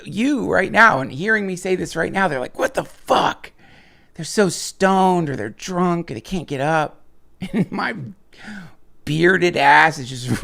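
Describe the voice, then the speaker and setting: A man's voice: a little high, vocal fry, fairly bright tone. A man hosting a livestream, rambling casually and profanely with lots of restarts and chuckles while reading viewer chats.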